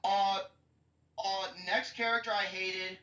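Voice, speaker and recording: Young woman, podcast co-host, animated profane ranter; dull roomy recording. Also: fairly low pitch, normal speed. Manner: excitable, profane, animated ranting. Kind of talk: casual movie chat. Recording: dull, roomy, distant mic.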